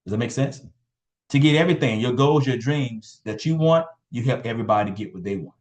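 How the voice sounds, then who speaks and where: A man's voice: mid-range voice, brisk, darkish tone. A man hosting a motivational team call over video, hyping people up and repeating names and phrases. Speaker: call host.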